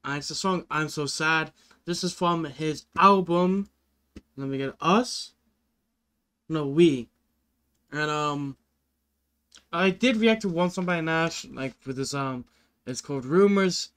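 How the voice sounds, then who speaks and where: A man's voice: a little high, slow pace, pauses often, a bit bright, clear, resonant tone. A man hosting a music reaction video, chatting casually and earnestly, rambling with lots of "like" and "you know".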